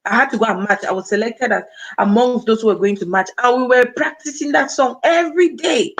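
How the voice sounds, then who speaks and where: Cameroonian woman, 30s, livestream host, chatty and direct with viewers, slightly high voice. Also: fairly quick, low-quality recording. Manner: chatty, addresses viewers directly and reads out comments. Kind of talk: casual livestream chat.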